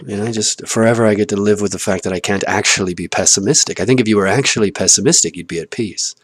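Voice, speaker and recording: A man talking alone to the camera in a rambling personal monologue, swearing often, laughing at himself and swinging between loud outbursts and muttered asides. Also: fairly low pitch, fast, no room sound. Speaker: vlogger.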